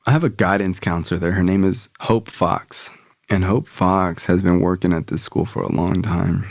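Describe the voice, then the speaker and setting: A man's voice: low-pitched, steady tone, moderate pace, dry recording, clean studio sound. A man guesting on a podcast, telling his own story candidly, with profanity and frequent "like" and "you know". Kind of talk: personal storytelling.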